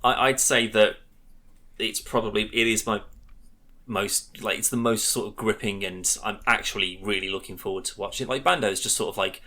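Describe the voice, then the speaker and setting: A man's voice: on the low side, fairly even intonation, normal speed, pushed and bright. A man co-hosting a podcast, chatting casually and giving his opinions emphatically. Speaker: podcast co-host. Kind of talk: casual chat.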